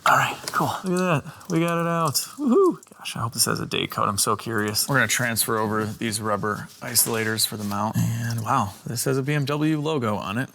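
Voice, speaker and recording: A middle-aged man hosting a car repair vlog, chatting to viewers with excitement as he works in his home garage. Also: lowish voice, fairly quick, vocal fry, hardly any pauses, noisy background. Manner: chatty and excitable, talks to viewers while working. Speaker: car channel host. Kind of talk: hands-on DIY repair vlog talk.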